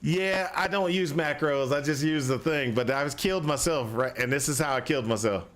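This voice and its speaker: A man's voice: a little high, a little fast, a bit bright. A man streaming a game, giving casual, rambling commentary full of restarts and exasperated exclamations. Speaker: gaming streamer.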